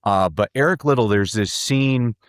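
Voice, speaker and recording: Lowish guy telling stories on a podcast, super enthusiastic, stumbles and repeats words, dry close mic. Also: normal speed, no echo. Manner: enthusiastic, repeats words when starting sentences, acts out quotes. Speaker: guest, speaker and professor. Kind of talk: animated podcast storytelling.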